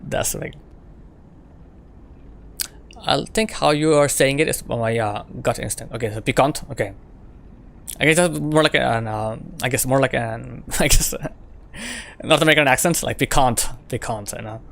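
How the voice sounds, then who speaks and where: A man streams a game and chats with his viewers. His voice sits at an ordinary middle pitch. He rambles, repeats phrases and fills the gaps with filler words. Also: normal speed, creaky, fairly bright tone. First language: French. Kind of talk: casual stream chat with viewers.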